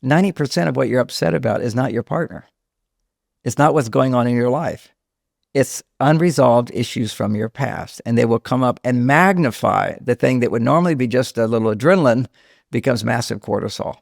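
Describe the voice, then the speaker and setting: An older man, a relationship counselor and author, explaining at length in a podcast interview and going hushed when he quotes a scared child. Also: mid-range voice, brisk, gravelly, no room sound, studio quality.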